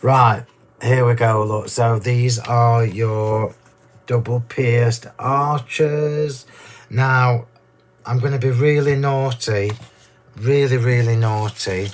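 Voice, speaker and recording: Hoarse, gushing craft-demo man. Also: mid-range voice. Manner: chatty, gushing, enthusiastic. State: hoarse, losing his voice. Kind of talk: live card-making demonstration.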